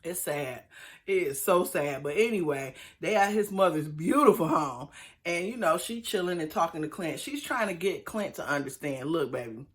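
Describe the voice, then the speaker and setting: Host, woman, animated and emphatic, casual show recaps. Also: on the low side, moderate pace. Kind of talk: casual commentary.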